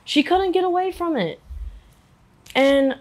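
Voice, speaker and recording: A young adult woman in a candid interview, talking in a halting, emotional way and using "like" a lot. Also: very high-pitched, a little mellow. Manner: halting and emotional, many filler "like"s.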